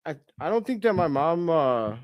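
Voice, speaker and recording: A man's voice: a little high, no echo, lo-fi sound. A young man hosting a live basketball reaction stream, calling plays and scolding players as he goes, often correcting himself. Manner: excitable, scolds players aloud, quick self-corrections.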